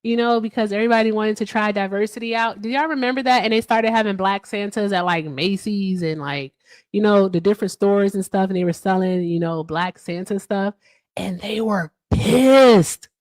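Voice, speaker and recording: A woman hosting a casual livestream, chatting to viewers in the comments with lively, profane talk. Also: medium pitch, a little fast, dry recording. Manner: animated, swears freely, talks to viewers in chat. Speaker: livestream host.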